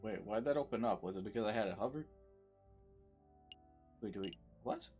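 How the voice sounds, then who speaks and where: A man's voice: on the low side, expressive, moderate pace, a little mellow, soft background music. A man streaming a game, reacting and thinking aloud in casual commentary.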